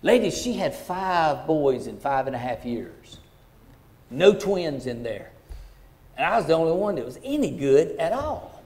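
A middle-aged man, a pastor telling a personal story in a sermon in a folksy, heartfelt way that swings from hushed to loud. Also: on the high side, sing-song, measured pace.

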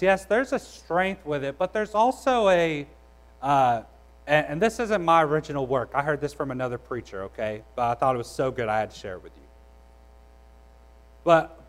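A young adult pastor preaches a sermon in a conversational, storytelling way, frequently restarting his sentences. His voice is medium-pitched and the recording is rough.

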